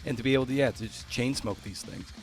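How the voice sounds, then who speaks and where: A man's voice: medium pitch, fast, soft background music. A male podcast host introducing his guest in a casual, irreverent way, with profane, wry asides.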